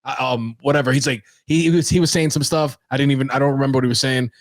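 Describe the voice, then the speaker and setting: A young man co-hosting a casual podcast, telling stories with plenty of swearing. His voice sits at a middle pitch and is recorded close and dry, with no room sound. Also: fast talker, dry recording. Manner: swearing, storytelling, animated retelling. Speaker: podcast co-host. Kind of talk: casual chat.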